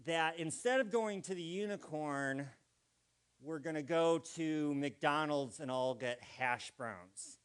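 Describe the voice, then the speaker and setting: A man's voice: fairly high pitch, takes it slowly, clear, resonant tone. A man giving a playful, interactive talk to a live congregation, acting out vocal inflections and quizzing the audience. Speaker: guest speaker at a spiritual community gathering.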